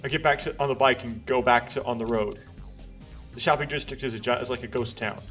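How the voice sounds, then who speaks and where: A man's voice: mid-range voice, a little fast, a bit bright, soft background music. Man reading a visual novel aloud. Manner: earnest dramatic reading with small restarts and wry asides. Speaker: let's play host.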